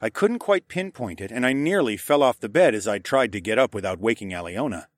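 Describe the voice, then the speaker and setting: Male audiobook reader, first-person narration, low and dry. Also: animated, fairly quick, dry recording.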